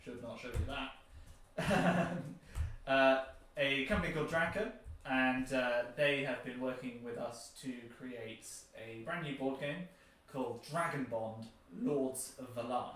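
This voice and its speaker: A man's voice: mid-range voice, slow pace, fairly bright tone. A man with an English accent hosting a casual livestream chat about board games, hesitant and full of fillers. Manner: hesitant, lots of fillers and restarts. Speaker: board game company host. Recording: echoey room, distant mic.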